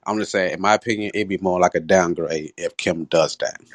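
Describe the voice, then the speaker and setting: A man's voice: sits low, fairly even intonation, brisk, no room sound. A man in a casual online chat, blunt and argumentative, speaking informally. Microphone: online audio room.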